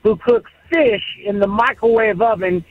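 A folksy, drawling Southern caller , played by a man putting on the voice, leaves a mock-earnest complaint in a high, raised voice. It comes through as a dull, muffled voicemail playback, dry and close, with no room around it. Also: moderate pace, dry recording. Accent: put-on Southern American. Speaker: prank caller on a voicemail line.

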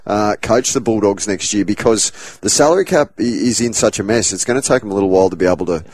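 A wisecracking Australian man on a sports panel, fond of local slang and punchlines. His voice sits at an ordinary middle pitch. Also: fast talker, darkish tone, dry recording.

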